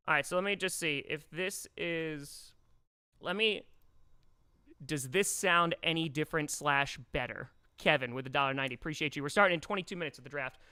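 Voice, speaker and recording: A man's voice: sits high, clean tone. A man hosting a live stream in a rented studio, talking casually and energetically while reading viewer messages aloud. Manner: energetic, chatty, fussing over audio settings and reading viewer messages aloud. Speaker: livestream host.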